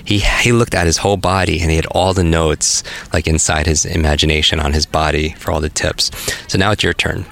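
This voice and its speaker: A man guiding a memory exercise in an upbeat, encouraging way and telling lively stories. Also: a bass voice, brisk, creaky. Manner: energetic, encouraging, animated storytelling. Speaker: memory coach guest.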